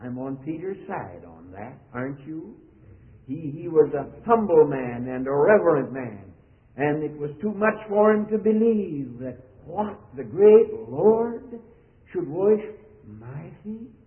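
A man's voice: a little high, big pitch swings, slow. A man preaching a sermon in an emphatic style, his voice rising and falling as he speaks. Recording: tinny, phone-like old sermon recording.

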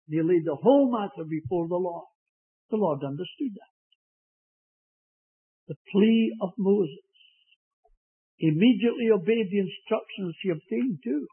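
A man's voice: high voice, slightly rough. A man preaching a sermon, telling stories and rising into emphatic declarations. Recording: tinny lo-fi old tape recording.

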